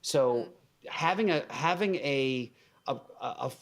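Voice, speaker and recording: A man's voice: medium pitch, lively intonation, slow. A man guesting on a podcast, giving casual conversational advice with frequent fillers and restarts.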